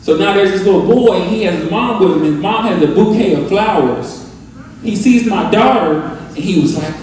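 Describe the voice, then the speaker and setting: Young man, Southern US accent, stand-up comic, high voice, distant mic in a very echoey room. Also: normal speed, noisy background. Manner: loose, animated storytelling with crowd questions. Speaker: stand-up comedian. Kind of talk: stand-up set. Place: live comedy venue with audience.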